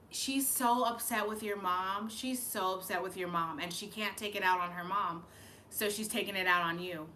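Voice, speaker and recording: Psychic lady on a livestream, bright forceful voice, choked up, rambly and cussing. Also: medium pitch, a little hiss or hum. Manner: emotional, rambling, with frequent swearing and restarts. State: fighting back tears. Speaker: psychic reader hosting a live stream. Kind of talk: live-streamed channeled reading.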